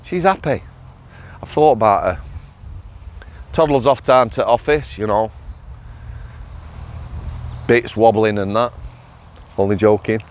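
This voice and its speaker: Chatty man, low voice. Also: takes it slowly, long pauses. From England. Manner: chatty, laughs often, keeps asking "yeah?". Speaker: former prison officer vlogger. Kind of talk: casual storytelling monologue.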